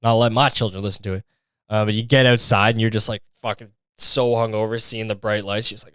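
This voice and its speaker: A man's voice: fairly low pitch, flat delivery, fast, fairly bright tone, smooth, no echo, clean studio sound. A man hosting a comedy podcast, talking in a rambling, sarcastic and profane way. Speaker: podcast host. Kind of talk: casual comedic monologue.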